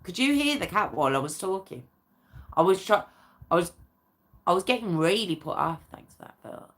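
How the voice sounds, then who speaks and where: Young woman livestream host, crisp bright tone, chatty and playful with her commenters. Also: fairly low pitch, very animated, normal speed. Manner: chatty, laughing, reads out viewer comments. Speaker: true crime livestream host. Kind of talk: casual live chat with viewers.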